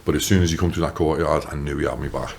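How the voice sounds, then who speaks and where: A man in his thirties with a Liverpool accent, telling his story as a podcast guest, animated and swearing, acting out what others said. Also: very deep voice, rapid-fire, creaky. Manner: animated, swears, acts out quotes. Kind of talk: casual storytelling.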